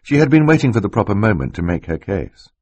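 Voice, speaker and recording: Low, husky male audiobook narrator. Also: no room sound. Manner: measured, expressive. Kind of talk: scripted narration. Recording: dry close recording.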